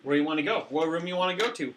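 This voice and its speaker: A man's voice: on the high side, lively intonation, rapid-fire, background noise. A man playing a board game with friends, joking and egging the others on. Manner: joking, eager, urges others on. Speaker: player. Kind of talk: casual board game play.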